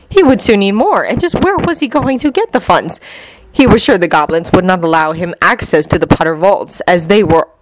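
A woman's voice: fairly low pitch, dry recording. A woman reading fanfiction aloud as an audiobook, sometimes restarting lines. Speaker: fanfiction reader. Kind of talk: audiobook narration.

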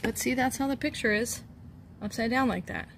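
A woman's voice: fairly high pitch, fairly quick. A woman hosting an unboxing video, chatting casually and thinking aloud as she opens items. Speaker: online reseller, channel host. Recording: noisy home recording.

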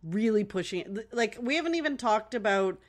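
A woman's voice: medium pitch, lively intonation, fairly quick. A woman co-hosts a podcast in easy, casual chat. She is chatty and pokes fun at herself, laughing often as she talks. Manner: chatty, self-mocking, laughs easily. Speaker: podcast co-host.

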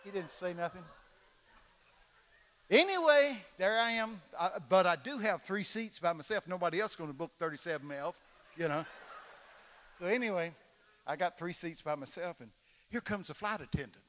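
A man, telling folksy stories in an animated sermon, sometimes shouting quoted lines. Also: high-pitched, moderate pace, pauses often, a little hiss or hum. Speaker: guest preacher. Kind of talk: storytelling sermon. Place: large church hall. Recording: long reverb of a large hall.

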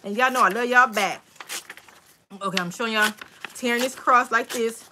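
A woman hosting a casual live-stream crafting tutorial, chatty and excitable, talking straight to her viewers. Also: fairly high pitch, moderate pace, background noise. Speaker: crafting channel host.

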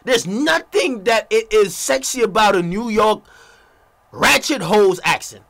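A man streaming a reaction video, ranting profanely with loud asides. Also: sits high, expressive, measured pace, vocal fry.

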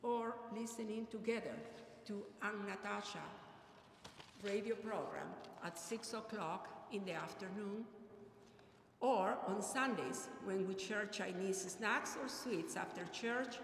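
A middle-aged woman from Peru, delivering an earnest, measured memorial eulogy. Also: medium pitch. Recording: echoey hall with long reverb, faint ambient noise.

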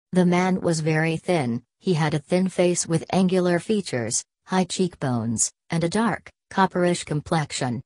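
Low-voiced woman reading a story. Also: a little mellow, dry recording. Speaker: narrator. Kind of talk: audiobook reading.

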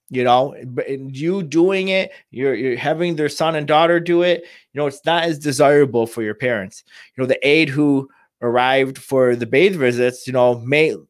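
A man's voice: mid-range voice, no room sound, clean studio sound. Guy from a home care company giving tips, keeps restarting and saying you know a lot. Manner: halting, many restarts and "you know" fillers. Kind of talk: informal advice talk.

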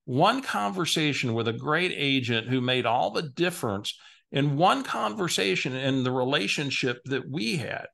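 Man, from San Antonio, real estate coach, gravelly voice, energetic, conversational, storytelling. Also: mid-range voice, normal speed. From San Antonio, Texas, US. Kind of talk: coaching video lesson.

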